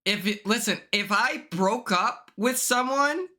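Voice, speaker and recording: Bright-voiced sassy young man streaming. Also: high voice, animated. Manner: blunt and sassy, swears often, quick to apologize. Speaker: livestream host. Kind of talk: casual livestream chat.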